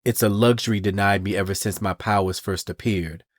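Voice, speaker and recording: A regal heroine speaks with grave formality, as a man reads her lines aloud. The tone is low and measured, and the dry, close podcast mic leaves no room sound. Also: fairly even intonation, no room sound, lightly acted. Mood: solemn. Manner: grave, formal comic-book dialogue read slowly. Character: regal, solemn weather-goddess heroine, adult woman.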